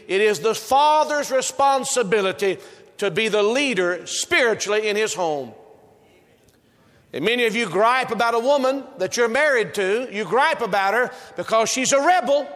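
A man's voice: high voice, a bit bright. A male preacher delivering a sermon with an emphatic, repetitive preaching cadence, recorded in a church sanctuary. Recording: reverberant hall.

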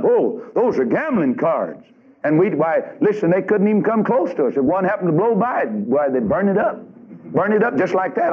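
A man's voice: medium pitch, slight background noise. A man preaching a revival sermon in a church, fiery, folksy and emphatic. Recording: lo-fi old tape recording.

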